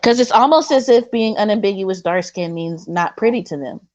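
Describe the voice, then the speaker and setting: A woman co-hosting a casual livestream chat, animated and laughing often, trailing off and restarting her sentences. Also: mid-range voice, normal speed, no room sound. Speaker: co-host. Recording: dull lo-fi sound.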